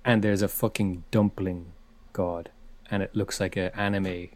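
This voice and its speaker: A man's voice: sits low, little pitch movement, a little slow, darkish tone, no room sound. A man co-hosting a casual film podcast, talking animatedly and repeating words as he builds his point. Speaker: podcast co-host.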